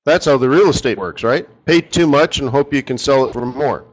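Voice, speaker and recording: A man's voice: mid-range voice, animated, fairly quick, low-quality recording. A man running a live forex strategy session, talking casually and rambling, often asking his audience rhetorical questions.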